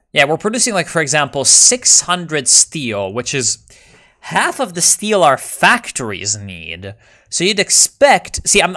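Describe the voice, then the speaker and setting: A man chatting loosely as he plays a strategy game, his talk joking, profane and excitable. He rambles from one thought to the next in a mid-range voice. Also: medium pitch. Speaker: video game player. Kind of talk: casual gameplay commentary.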